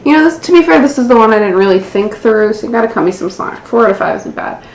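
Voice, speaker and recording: A woman's voice: fairly high pitch, expressive, quick pace. An American woman in her twenties narrating a casual nail art tutorial, self-deprecating and swearing casually. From United States. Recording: echoey room, faint background noise.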